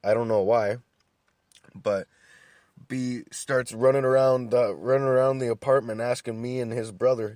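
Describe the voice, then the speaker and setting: A young man telling stories in a calm, laid-back way, full of swearing and restarts. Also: medium pitch, moderate pace, no echo. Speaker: podcast host. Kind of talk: casual monologue.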